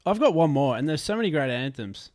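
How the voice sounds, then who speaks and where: Aussie bloke, lively up and down voice, jokey swears, dry close mic. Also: male voice, fairly high pitch, quick pace, no echo. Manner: joking, animated, swears casually. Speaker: podcast co-host. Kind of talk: casual chat.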